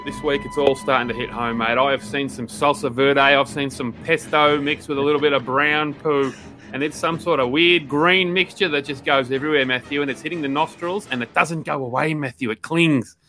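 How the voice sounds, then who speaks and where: A man's voice: medium pitch, steady tone, brisk, sharp tone, faint music behind. An Australian man in his thirties co-hosting a podcast, blokey and slangy, ranting with animation. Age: 30s. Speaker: podcast co-host. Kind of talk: casual podcast chat.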